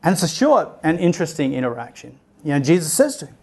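Man preaching with lively storytelling. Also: on the high side, fast, breathy edge. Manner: animated storytelling, acting out voices with laughs. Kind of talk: sermon.

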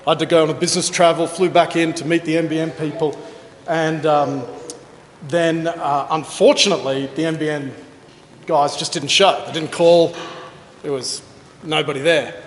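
A man's voice: fairly high pitch, fairly even intonation, normal speed, slight background noise. A man with an Australian accent preaching a chatty, joking sermon full of anecdotes and self-deprecating humour, speaking in a church. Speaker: pastor. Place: church hall. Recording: roomy hall with long reverb.

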